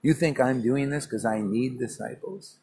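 At a normal speed and medium pitch, this man's slightly mellow voice carries vocal fry against slight background noise. A spiritual teacher leading an informal morning class in public, he is brash and scolding, talking colloquially and repeating "man" again and again.

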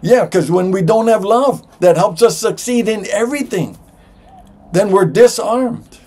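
A man preaching a sermon as pastor, slow and emphatic, with sudden jumps in pitch. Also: darkish tone.

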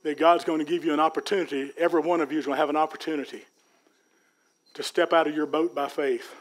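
A man preaching a sermon in a church, folksy and rising to loud peaks. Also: fairly high pitch, fairly even intonation, fast talker. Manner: folksy preaching, Southern US dialect, builds to shouts. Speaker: pastor. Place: church sanctuary.

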